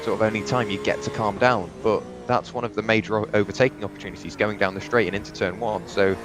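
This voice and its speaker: A man's voice: lowish voice, steady tone, fast, over music. A young man doing live sim racing commentary, chatty and rambling, with frequent restarts and asides.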